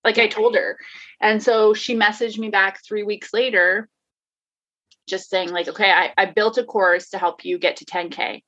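A woman's voice: mid-range voice, fairly even intonation, normal speed, fairly bright tone. A woman talking candidly in a casual conversation, laughing often, swearing and restarting her sentences. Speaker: guest, life coach. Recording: dull lo-fi sound.

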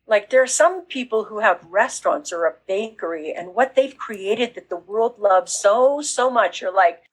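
A woman business coach talking casually in an interview, acting out excited reactions as she explains. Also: medium pitch, moderate pace, husky, low-quality recording. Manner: animated, acts out quoted reactions.

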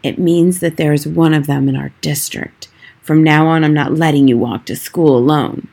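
A woman reading aloud and voicing a protective old grandmother who speaks softly and reassuringly, with a husky voice. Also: deep voice, steady tone, normal speed, heavily acted.

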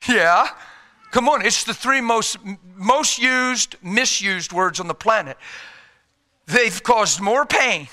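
A middle-aged man preaches in a church with a very bright, cutting voice that sits a little high for a man. He talks in a plain, folksy way, pushing hard in loud urgent bursts, then dropping into a quiet, close hush. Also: expressive, takes it slowly. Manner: swings between loud urgent exhortation and quiet intimate hush. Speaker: pastor. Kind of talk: sermon.

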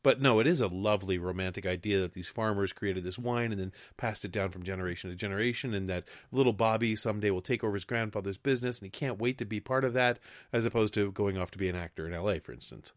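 A man's voice: on the low side, quick pace, hardly any pauses, no room sound, clean studio sound. A man co-hosting a casual wine podcast, talking in long rambling runs with restarts. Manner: rambling, many restarts and fillers. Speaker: podcast co-host.

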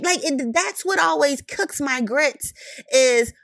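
A woman's voice: sits high, expressive, takes it slowly, vocal fry, fairly bright tone, dry recording. A woman giving an impassioned, profane commentary monologue, full of rhetorical questions and emphatic repetition. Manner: emphatic, profane, rhetorical questions, repeated "you know what I mean".

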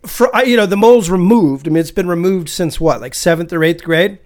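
A man's voice: high voice, fairly quick. Man in his forties, self-mocking chat. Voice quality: self-mocking, hesitant restarts. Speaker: podcast co-host. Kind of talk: casual chat.

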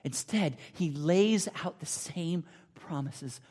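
A man preaching a sermon, emphatic and repetitive, swinging between loud declarations and near whispers. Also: on the high side, expressive, moderate pace. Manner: emphatic, repeats phrases, drops to near whispers. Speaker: pastor. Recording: long hall reverb.

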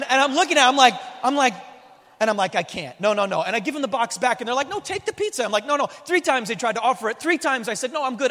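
A man preaching a sermon, praying quietly and then telling lively, animated stories from the pulpit of a church. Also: extremely high pitch. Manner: animated storyteller, shifting from hushed prayer to lively anecdotes. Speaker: pastor. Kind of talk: sermon with storytelling. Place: church auditorium. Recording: long hall reverb.

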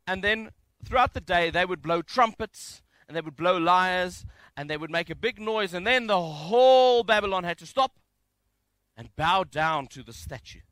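A man with a high, bright voice preaches a relaxed, jokey sermon, reading scripture aloud between asides. The sound is dry and close, with no room around it. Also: moderate pace, no room sound. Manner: conversational, jokey and animated. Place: home, during isolation.

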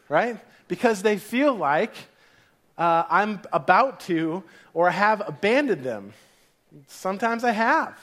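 Pastor guy in his 30s, kinda high voice, preaching loose and chatty, doing little voices for his kids. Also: normal speed, fairly bright tone. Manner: casual storytelling, acts out voices of kids and God. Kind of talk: sermon.

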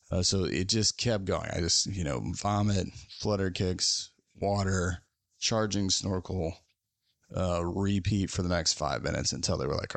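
Gravelly low-voiced man telling a story. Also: normal speed, no room sound. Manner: rambling, filler-heavy, self-mocking. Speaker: podcast host. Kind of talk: casual storytelling.

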